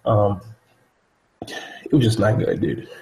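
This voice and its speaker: A man's voice: on the low side, takes it slowly, vocal fry, background noise. A man telling a story in casual chat, loose and rambling, with many fillers, acting out the people he quotes.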